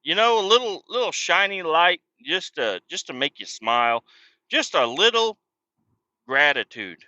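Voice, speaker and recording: Casting: male podcast host, bright forceful tone, heavy cursing, rambling casual storytelling, dull dry lo-fi recording. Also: a little high, sing-song, unhurried, dry recording. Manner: profane, rambling, swears constantly.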